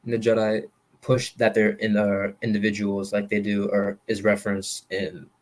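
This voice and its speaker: A man's voice: fairly low pitch, completely flat delivery, darkish tone. A male podcast guest in casual chat, an eager fan who keeps agreeing. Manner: enthusiastic fan, quick agreeing interjections.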